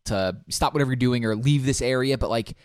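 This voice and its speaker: A young man with a mid-range, clear, resonant voice, a little mellow and a little fast, co-hosts a podcast in studio quality without echo. The conversation is a casual, rambling one about video games, with plenty of ums and restarts.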